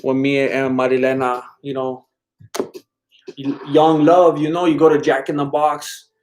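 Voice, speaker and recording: A man's voice: mid-range voice, little pitch movement, a little slow, a little mellow, a little hiss or hum. A man hosting a live stream in casual chat, rambling and laid-back as he reacts to viewer comments. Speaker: livestream host.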